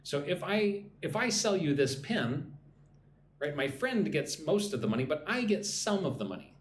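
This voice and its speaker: A man's voice: on the high side, sing-song, normal speed, roomy sound, slight background noise. A man teaching English on a live stream, reading chat comments and drilling pronunciation.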